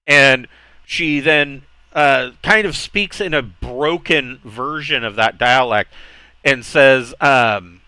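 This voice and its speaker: Bright, slow-talking male game master. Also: mid-range voice, clean tone, no room sound, poor audio. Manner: halting, full of uh and restarts. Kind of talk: narrating a tabletop game.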